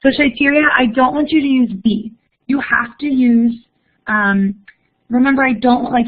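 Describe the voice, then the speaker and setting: A young woman teaching a live online lesson, upbeat and encouraging as she reads answers from the chat. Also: fairly high pitch. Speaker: Spanish teacher. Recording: phone-like narrow audio.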